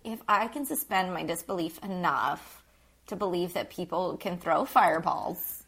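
A woman's voice: lowish voice, normal speed, vocal fry, a bit bright, slightly rough. A woman co-hosting a podcast, chatting casually and often giving short agreeing replies. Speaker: podcast co-host. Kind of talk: casual chat.

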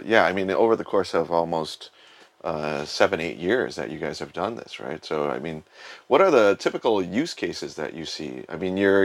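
A man hosting an interview, mostly giving short backchannels and asking loose follow-up questions. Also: sits low. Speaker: interview host. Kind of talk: casual interview.

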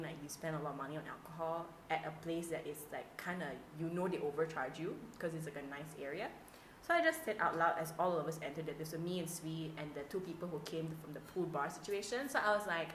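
A woman with a lilt tells stories on a casual podcast, acting out every line of dialogue with plenty of swearing. Her voice sits on the low side, and the room around her adds a noticeable echo. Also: a little fast, a little hiss or hum. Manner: animated storytelling, acts out dialogue, swears freely. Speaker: podcast co-host. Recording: roomy echo.

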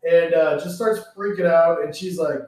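A man chatting casually on a podcast as he recaps a TV episode, slipping into the characters' lines with a laid-back delivery. His voice sits a little high for a man and is picked up from a distance. A very echoey room surrounds him. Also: moderate pace, darkish tone. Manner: laid-back, recounts scenes by acting out lines. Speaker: podcast co-host.

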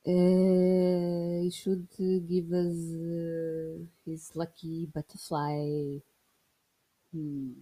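A woman's voice: on the low side, completely flat delivery, very slow, warm tone. A Portuguese woman with a Portuguese accent, whose first language is Portuguese, chatting alone to camera in a playful, joking way with frequent laughter. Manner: playful, jokey, laughs often. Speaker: vlogger. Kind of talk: casual solo monologue.

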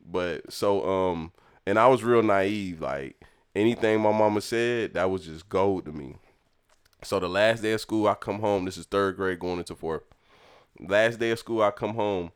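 Relaxed and quick to laugh, a young man on a podcast shares stories from when he was a kid, performing the quotes as he goes. He speaks at a moderate pace in a low, clear voice with a resonant tone.

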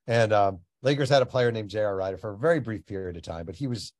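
A man's voice: fairly low pitch, no room sound, studio quality. A man, an author and guest, telling a story casually and acting out the people in it. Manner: animated anecdote teller, acts out dialogue.

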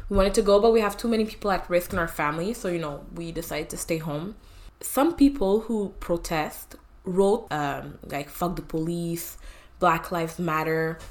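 Young woman, low voice, emotional, halting, lots of fillers, podcast co-host, from Canada. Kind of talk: casual chat.

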